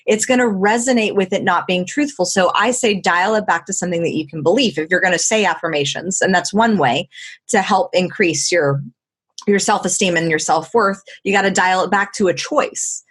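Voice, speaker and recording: Husky, animated woman coach. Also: on the low side, normal speed. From Southern California. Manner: animated, acts out quotes, frequent "like". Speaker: coach and guest. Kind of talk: casual interview chat.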